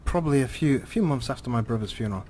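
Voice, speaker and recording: A man's voice: mid-range voice, lively intonation, a little mellow, a little hiss or hum. A man, commentating on a driving game while telling a rambling story, full of fillers and repeated words. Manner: halting, many fillers and repeated words, chuckles.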